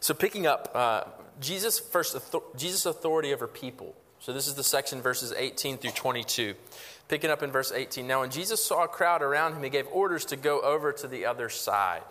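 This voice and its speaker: A man's voice: medium pitch, lively intonation, fairly quick, pushed and bright. A man giving a sermon in an earnest, conversational way, with frequent fillers and restarts. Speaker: pastor. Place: church sanctuary. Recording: long hall reverb.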